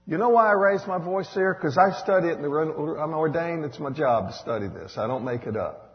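Animated preacher in a hall. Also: male voice, on the high side, a little fast. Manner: animated preaching, swings from loud to hushed. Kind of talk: sermon. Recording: dull echoey hall recording.

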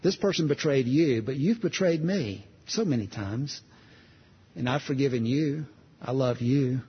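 A man preaching who voices the Lord speaking gently and patiently to a believer, in a calm, reassuring tone, softer and lower than his plain preaching. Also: a little slow, slightly rough, big-room sound, lo-fi sound. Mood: gentle, reassuring.

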